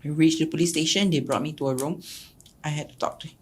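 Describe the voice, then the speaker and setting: A young woman with a Singaporean English accent speaks in a low register. She tells her story in a podcast interview, loud when she voices others and quiet for her own thoughts. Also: fast, husky. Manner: animated, acts out quotes with sharp jumps in pitch and loudness. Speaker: podcast guest.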